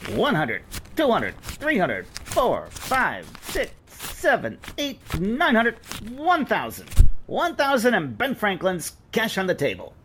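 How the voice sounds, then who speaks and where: A man's voice: high-pitched, wildly swooping pitch, takes it slowly, a bit bright, slight background noise, full character voice. A man with a Queens accent playing a wisecracking pawnshop owner who haggles hard. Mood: haggling. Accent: New York, Queens. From Queens, New York. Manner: wisecracking, bargaining.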